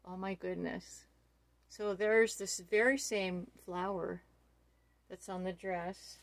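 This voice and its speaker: Middle-aged woman, unhurried unboxing vlogger, breathless gushing delight. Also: medium pitch, steady tone. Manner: gushing, awestruck, full of fillers. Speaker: doll collector vlogger. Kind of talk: casual unboxing chat.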